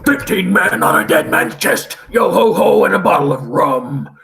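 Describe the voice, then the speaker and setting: A man voicing a mean, hot-tempered old pirate who shouts and sings rowdily. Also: high-pitched, big pitch swings, very slow, gravelly, a little hiss or hum, pitched above the performer's own voice, heavily acted. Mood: singing gruffly. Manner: loud, outraged shouting.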